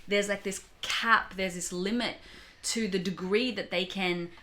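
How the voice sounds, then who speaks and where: A woman's voice: mid-range voice, fairly even intonation, unhurried, bright, forceful tone, a little hiss or hum. A young adult woman co-hosting a podcast, talking candidly and reflectively in casual chat. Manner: candid, reflective, laughs often. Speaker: podcast co-host.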